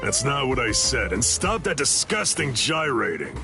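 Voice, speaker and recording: A man's voice: mid-range voice, big pitch swings, normal speed, vocal fry, music in the background. An actor playing a laid-back, wry male captain in a video game, with a dry, drawling delivery.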